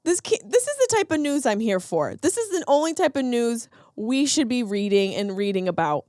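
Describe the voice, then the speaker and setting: A sarcastic woman in her thirties hosts a comedic podcast, riffing on odd news. Her voice sits a little high and animated in pitch. She is recorded close and dry, with no room sound. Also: moderate pace, dry recording. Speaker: podcast host. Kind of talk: comedic solo podcast monologue.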